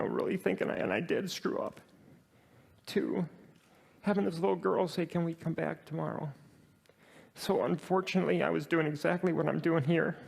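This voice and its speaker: A man giving a talk to an audience, telling a personal work story in a halting way with many fillers and self-deprecating laughs. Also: on the high side, gravelly.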